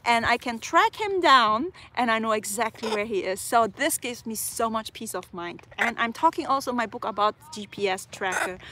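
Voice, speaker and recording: A woman's voice: fairly high pitch, fairly bright tone. A woman who trains parrots vlogs to camera outdoors in a park and records on her phone. She talks in a chatty, passionate way, full of "like" fillers. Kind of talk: casual vlog talk to camera. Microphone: phone she is filming with.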